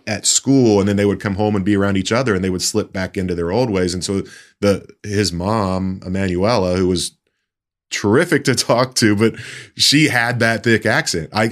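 A man with a very deep voice tells a story in casual podcast chat. He talks as a sports reporter and often restarts his sentences. His delivery is halting but relaxed.

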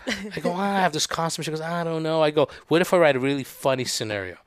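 Male guest storyteller, slightly high voice, lively, does quick character quotes. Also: dry recording, studio quality. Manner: animated storyteller who acts out quotes. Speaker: podcast guest, video producer. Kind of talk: casual chat.

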